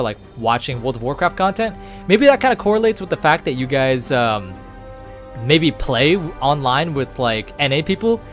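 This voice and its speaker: A man streaming a game, chatting casually with viewers in a rambling, animated way with casual swearing. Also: medium pitch. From United States. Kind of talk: casual chat with viewers while gaming.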